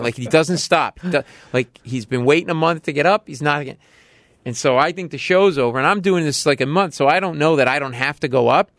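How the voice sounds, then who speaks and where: Gravelly man telling a wild story. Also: brisk, no room sound, studio quality. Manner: animated, shouts quoted people in a high voice. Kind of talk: casual storytelling in a podcast interview.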